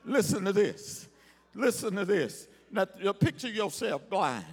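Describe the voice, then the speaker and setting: A male pastor delivering a sermon in a call-and-response style, shouting his points to the congregation and then dropping to quiet storytelling. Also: high-pitched, big pitch swings, measured pace, slightly rough. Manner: drops to quiet storytelling between outbursts.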